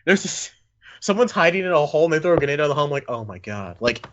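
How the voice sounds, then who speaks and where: A man's voice: on the high side, very fast, fairly bright tone, dry recording. A man hosting a podcast, talking about movies in an enthusiastic, rambling way. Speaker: podcast host. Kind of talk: casual movie review chat. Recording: dry, dull lo-fi recording.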